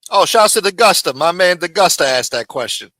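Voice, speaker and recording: Profane streetwise host, dry close mic. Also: male voice, high voice, animated, a little fast, sharp tone, no room sound. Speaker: host recapping a live stream. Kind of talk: casual live-stream commentary. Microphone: studio mic for a radio-style show.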